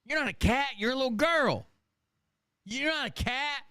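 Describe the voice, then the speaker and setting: A man's voice: very high voice, expressive, moderate pace, sharp tone, clean tone, no room sound, clean studio sound, pitched above the performer's own voice, exaggerated voice. A man putting on the voices of blunt kids scolding their sister.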